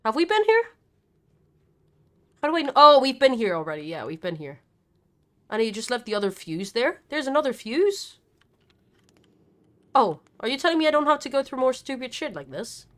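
A woman's voice: sits high, sing-song, moderate pace, long pauses, fairly bright tone. A woman streamer giving live gameplay commentary, nervous and chatty, swearing a lot and talking back at the characters on screen. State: nervous and scared.

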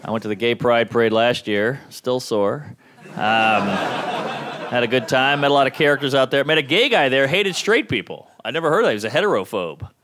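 A man in his thirties doing a stand-up comedy set, delivering deadpan one-liners and quick acted-out quotes. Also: mid-range voice. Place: comedy club stage. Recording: live club recording with crowd noise. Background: audience laughing.

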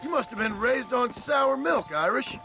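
An actor playing a stern, threatening gunslinger in a western game who speaks with a dry edge. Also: male voice, extremely high pitch, expressive, normal speed, background noise. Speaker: game character. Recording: game audio with outdoor ambience.

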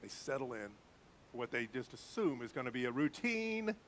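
A man preaching as a pastor, telling a quiet story and building to fervent preaching before leading a prayer. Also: medium pitch, big pitch swings, normal speed, slight background noise. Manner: swings from hushed storytelling to rising fervent preaching. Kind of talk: sermon with story and closing prayer. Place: church sanctuary.

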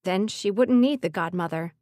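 Woman, audiobook narrator, measured reading, mid pitch, dry close recording. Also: a little mellow, dry recording. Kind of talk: scripted narration.

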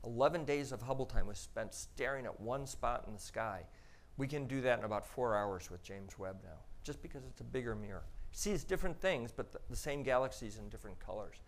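A man gives a talk to an audience and explains pictures on slides one by one. His tone is casual and chatty, and he adds small asides as he goes. His pitch sits in an ordinary middle range for a man. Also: animated, brisk. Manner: conversational, explaining step by step with frequent "um" and "you know". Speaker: astronaut giving a public talk.

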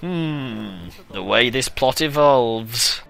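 A man's voice: mid-range voice, animated, extremely slow, gravelly, over music. A young man commentating on a video game he plays, sarcastic and swearing, humming tunes along the way. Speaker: let's play commentator. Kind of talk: casual gameplay commentary.

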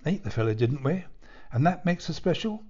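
A man's voice: on the high side, lively intonation, fairly quick, warm tone, muffled recording. A man voicing a pompous, blustering upper-class lord who has turned into a chip, in a storybook reading. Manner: blustering, stiff-upper-lip toff talk.

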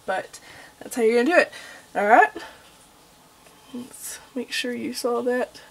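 A young woman with a Texan accent talks you through a craft project in a relaxed, homey way, saying y'all and okay as she goes. Her voice sits a bit high with a gravelly fry. There is a faint hiss behind her. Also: unhurried. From Texas. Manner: homey, chatty, says y'all and okay a lot. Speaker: craft tutorial host. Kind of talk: casual crafting tutorial.

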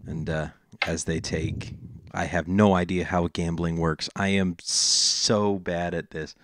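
A man running a tabletop game as game master, narrating with many pauses and restarts. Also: deep voice, fairly even intonation, fairly bright tone, dry recording, clean studio sound. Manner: hesitant, lots of uh and restarts, laughs often.

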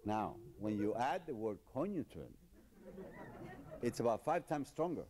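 A man doing stand-up as a mock language lesson, with deadpan teacherly drills and slow, exaggerated pronunciation. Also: mid-range voice. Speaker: comedian. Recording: noisy live comedy recording.

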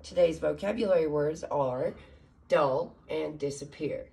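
A woman's voice: sits low, moderate pace, a little hiss or hum. A woman reading a children's picture book aloud in a careful, teacher-like way. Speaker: story reader for children.

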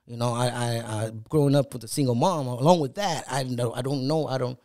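A middle-aged man tells a long story about his early music days, swearing freely and acting out the voices on old phone calls. His voice sits at an ordinary pitch, neither high nor low. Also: brisk, darkish tone. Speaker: rapper guest. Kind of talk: casual storytelling chat.

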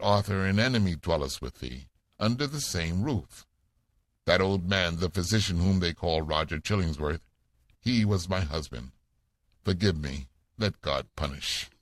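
A man's voice: low voice, animated, unhurried, no room sound. A man voicing a grave, sorrowful woman outcast, solemn and earnest in an old-fashioned storybook reading.

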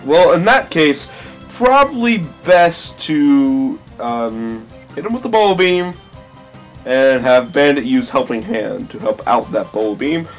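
A man hosting a game let's play, with goofy, excitable commentary full of silly sound effects. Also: medium pitch, measured pace, faint music behind.

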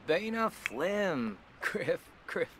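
Brief: game character, short gibberish lines, slow and drawn out. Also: male voice, high-pitched, very animated, a bit bright, breathy edge, full character voice. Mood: playful. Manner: short invented gibberish phrases.

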